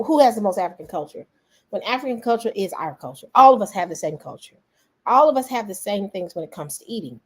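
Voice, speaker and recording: This American vlogger has a mid-range voice with a breathy edge. She delivers an earnest opinion monologue in casual, folksy slang, repeating her points for emphasis.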